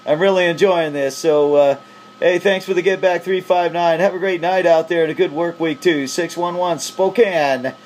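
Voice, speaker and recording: Male CB radio operator, slightly high voice, upbeat and encouraging, faint hum behind. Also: fairly even intonation, moderate pace. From Pacific Northwest of the US. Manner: upbeat, hyping the other station. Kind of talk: casual radio chat.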